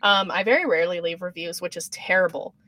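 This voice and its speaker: A woman with a slightly low voice hosts an interview over a video call. She talks in a chatty, enthusiastic way and fills pauses with ums. The sound is dry and close. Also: fairly bright tone, no room sound. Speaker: podcast host. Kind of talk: casual interview chat.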